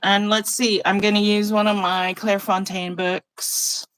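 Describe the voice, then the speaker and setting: A woman hosting a casual live craft session over a video call, chatty and relaxed, laughing often. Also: medium pitch, measured pace, slight background noise, low-quality recording. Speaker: craft channel host. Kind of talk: casual live-stream chat while journaling. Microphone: phone or tablet mic over a video call.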